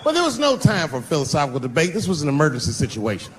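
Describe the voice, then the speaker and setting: A middle-aged man performing stand-up comedy on stage, telling a profane, conversational story and jumping his pitch for voices. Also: wildly swooping pitch, racing, slight background noise. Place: stage before a live audience.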